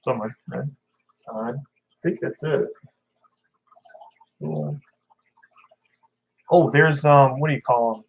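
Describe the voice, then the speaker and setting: A man's voice: medium pitch, slow pace, creaky, long pauses, husky, rough recording. A man chatting casually on a livestream, rambling as he reads out viewer comments and talks about his tanks. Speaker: fish-keeping livestreamer.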